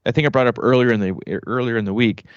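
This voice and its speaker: A man in his thirties hosts a triathlon podcast, rambling through a story in casual chat with constant "like" and "you know." His mid-range voice comes out rapid-fire, and the recording sounds dry and slightly muffled.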